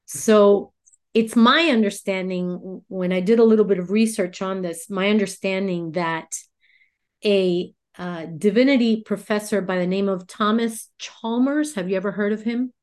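A woman hosting a relaxed talk show, chatting playfully and asking her guest questions. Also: mid-range voice, moderate pace. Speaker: host. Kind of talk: casual chat.

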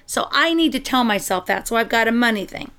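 Middle-aged woman co-host, smooth and clear, chatty, reads lines briskly. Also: on the high side, lively intonation, a bit bright. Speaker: speaker and podcast co-host. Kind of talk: casual conversation and reading aloud.

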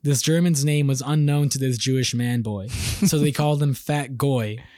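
A young man co-hosting a podcast, reading out a silly story in a deadpan way and breaking into laughter. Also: medium pitch, moderate pace, dry recording, clean studio sound. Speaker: podcast co-host. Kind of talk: casual podcast chat, reading a comic story.

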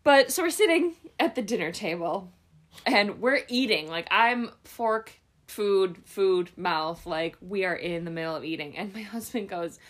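Lively, bright-voiced woman telling stories. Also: mid-range voice, a little slow. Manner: animated, laughs through her stories. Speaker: podcast co-host. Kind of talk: casual chat, storytelling.

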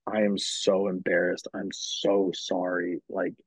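A man's voice: low-pitched, monotone, slow pace, slightly rough, dry recording, heavily acted. A man imitating a flustered, apologetic French woman journalist with a put-on French accent. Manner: apologetic and embarrassed.

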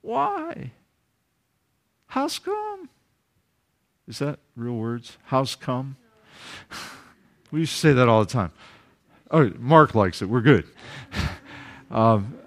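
A man with a Southern US accent preaching a sermon as pastor, swinging from loud emphatic rises to quiet asides. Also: mid-range voice, animated, slow pace, pauses often.

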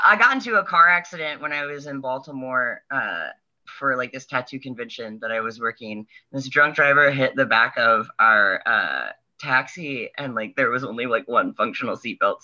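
Sharp-voiced crude storyteller, lo-fi. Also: mid-range voice, moderate pace, no room sound. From northeastern Kansas, USA. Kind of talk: casual chat. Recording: dull lo-fi recording.

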